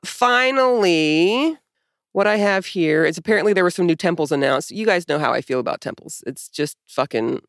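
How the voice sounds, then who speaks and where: A woman co-hosting a podcast, talking in casual chat. She is sarcastic and profane, and her pitch swings widely. The sound is close and dry. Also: animated, normal speed, no echo. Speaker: podcast co-host.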